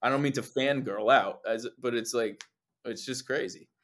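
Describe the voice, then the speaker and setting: Animated young man telling band stories. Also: medium pitch, moderate pace. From New Jersey. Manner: animated storyteller, swears a lot, acts out quotes. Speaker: lead singer, guest. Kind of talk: casual interview chat.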